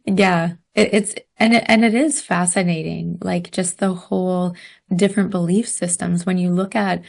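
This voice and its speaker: A woman telling a story in casual podcast chat, animated, laughing often and using many fillers. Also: lowish voice, moderate pace, gravelly. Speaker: podcast guest.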